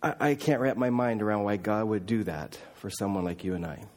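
A middle-aged man preaching a sermon as a missionary, telling stories earnestly and emphatically, often dropping quiet and then rising again. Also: fairly low pitch, a little fast. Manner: earnest, emphatic, with restarts and swings from loud to quiet. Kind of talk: sermon storytelling.

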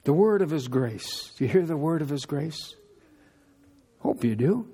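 Older pastor with gravelly husky voice. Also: male voice, on the high side, lively intonation, a little slow, mellow. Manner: folksy, chatty with joking asides. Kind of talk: conversational sermon. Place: church hall. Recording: echoey hall reverb.

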